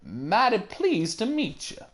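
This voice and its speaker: A woman's voice: medium pitch, wildly swooping pitch, takes it slowly, background noise, voice pushed up. A woman voicing a folksy young Southern woman photographer, putting on a drawling Southern US accent. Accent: Southern US, put on. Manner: drawling, chatty, homespun sayings.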